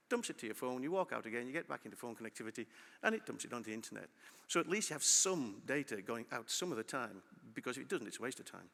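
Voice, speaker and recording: A middle-aged man gives a conference talk in a large hall, and the long reverb follows his words. He speaks quickly with a bright, forceful tone and keeps putting questions to the audience. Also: medium pitch, vocal fry. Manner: lively, asks the audience questions.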